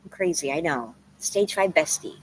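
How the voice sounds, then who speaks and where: A woman's voice: deep voice, expressive, normal speed, husky, poor audio. A woman around forty-two, tearful and candid, rambling in a casual vlog with some swearing. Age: 40s. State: crying. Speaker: vlogger. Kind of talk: emotional casual vlog talk, reading chat.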